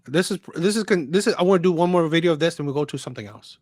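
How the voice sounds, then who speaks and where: A man's voice: a little high, expressive, very fast, a little mellow, dry recording. A man hosting a call-in show, talking in a rambling way, repeating words and checking in with "right?". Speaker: host. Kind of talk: casual call-in commentary.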